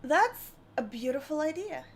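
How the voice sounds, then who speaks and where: A woman's voice: sits high, lively intonation, moderate pace, slight background noise. A woman co-hosting a casual live-stream Q&A, playful and teasing, often giggling.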